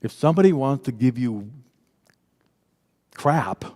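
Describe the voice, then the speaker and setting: Male workshop leader, middle pitch, casual and animated, recorded with long church-hall reverb. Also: unhurried. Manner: lively, conversational, acts out quoted voices. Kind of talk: interactive spiritual workshop talk.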